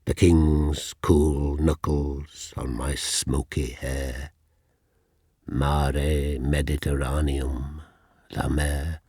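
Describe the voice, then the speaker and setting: A man reading his own poems in a slow, deliberate way, sometimes dropping to a near-whisper. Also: extremely low pitch, a little mellow, no room sound, studio quality. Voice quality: husky. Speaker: poet. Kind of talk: poetry reading.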